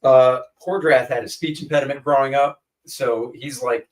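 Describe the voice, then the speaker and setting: A man's voice: medium pitch, fairly even intonation, moderate pace, hardly any pauses, distant mic, poor audio. A man co-hosting a casual chat show, rambling and joking as he pages through comics. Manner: jokey, rambling, flips voices for quotes. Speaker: co-host.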